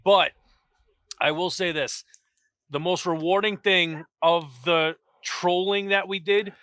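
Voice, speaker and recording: A podcast panel host and streamer tells stories animatedly on a casual show, packing them with quoted dialogue. His voice is high, slow, steady and sharp-toned, with no room sound.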